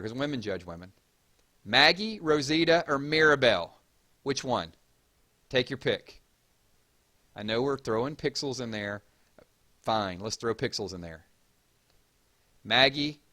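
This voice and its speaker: Southern man hosting a chatty livestream. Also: lowish voice. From Georgia, US. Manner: chatty, reads chat aloud and gives shout-outs. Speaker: livestream host. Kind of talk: casual livestream chat.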